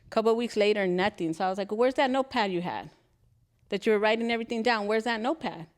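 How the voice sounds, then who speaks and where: A woman's voice: mid-range voice, fast talker. A woman co-hosting a podcast in casual chat, telling parenting stories in a blunt, heated way with plenty of cussing. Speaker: podcast co-host.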